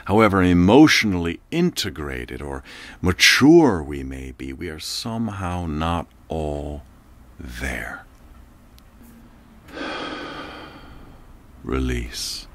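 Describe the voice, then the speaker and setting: A man narrating an audiobook in a slow, measured, reflective way. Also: low-pitched, no echo.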